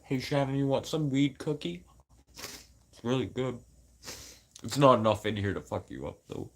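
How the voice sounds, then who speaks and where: A man from Manitoba venting in a casual, unscripted talk to camera, swearing a lot and swinging from loud outbursts to low mutters. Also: animated, normal speed, vocal fry, a little hiss or hum. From Manitoba, Canada. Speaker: vlogger.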